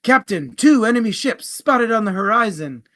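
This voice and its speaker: An alert first mate calls out his reports to the captain, as a man acts him out in a joke. His voice is bright and forceful and pitched a little high. He speaks in a raised, reporting tone. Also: lively intonation, normal speed. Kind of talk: telling a joke.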